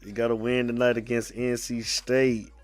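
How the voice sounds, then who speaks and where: A man hosting a live fan show, feeling under the weather and calling out viewers' names in a casual, animated chat. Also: mid-range voice, faint music behind. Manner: drawn-out greetings, animated, calls out commenters by name. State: a little sick, under the weather.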